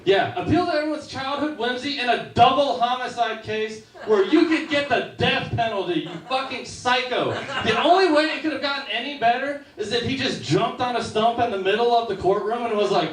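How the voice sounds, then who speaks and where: High-voiced stand-up comedian in a club. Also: male voice, fairly quick, hardly any pauses, far from the mic. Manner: conversational, storytelling. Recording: echoey club room, slightly off-mic.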